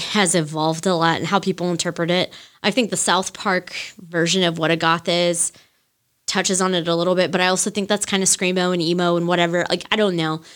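A woman's voice: mid-range voice, a bit bright. A woman in her thirties hosting a podcast, chatting casually and rambling with lots of fillers and the odd swear as she gushes. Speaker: podcast host. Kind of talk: casual solo music chat.

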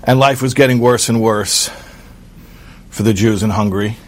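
A man telling a true story aloud in an earnest, halting way, with fillers and restarts. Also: fairly low pitch, steady tone. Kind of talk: spoken storytelling.

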